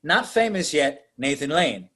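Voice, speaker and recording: A man's voice: a little high, a little slow. A man hosting a podcast, casually and animatedly retelling a movie's plot and acting out its scenes. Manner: animated storyteller, acts out scenes. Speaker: podcast host.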